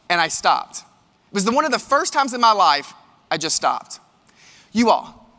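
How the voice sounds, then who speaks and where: High, bright-voiced man in a hall. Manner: animated storytelling, addresses audience directly. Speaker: keynote speaker. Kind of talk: motivational keynote. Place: large hall with live audience. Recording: long hall reverb.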